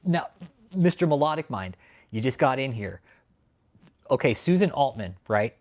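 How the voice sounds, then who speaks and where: A man hosting a livestream who rants angrily with heavy swearing, swinging between loud outbursts and low grumbling while he reads out chat names. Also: very animated, moderate pace. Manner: angry, profane ranting. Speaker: channel host. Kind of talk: livestream commentary, reading chat.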